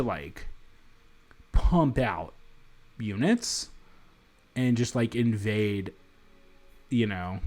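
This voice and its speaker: Lively-voiced man thinking aloud over a game. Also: mid-range voice. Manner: thinks aloud, rambling, many fillers and restarts. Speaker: gamer. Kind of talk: let's play commentary. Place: apartment in a city.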